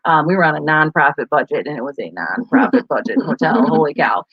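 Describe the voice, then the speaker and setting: A woman's voice: low voice, big pitch swings, fairly quick, breathy edge, no room sound. Woman, casual live-stream chat, rambling storyteller, dry close sound, a bit muffled. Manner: rambling, chatty storyteller with many fillers. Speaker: co-host of a live advocacy stream.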